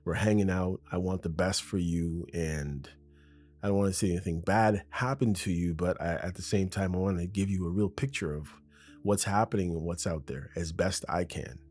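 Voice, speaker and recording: A man hosts his own podcast from a home room by a window, speaking into a foam-shielded studio mic. His voice is low-pitched and a little mellow, with fairly even intonation at a normal speed. He riffs off script in a casual, rambling monologue, as if chatting with his best friend.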